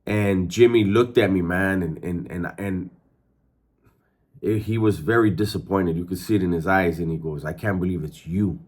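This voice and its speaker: A man's voice: low-pitched, normal speed, a little mellow. A middle-aged former prisoner telling his story candidly, in street slang, with lots of restarts and swearing. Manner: streetwise, profane, frequent restarts.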